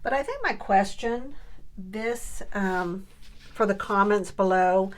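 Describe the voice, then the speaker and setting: A woman's voice: medium pitch, slow. A middle-aged woman chatting casually through a crafting tutorial, thinking aloud as she works and asking her viewers questions. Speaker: papercraft vlogger.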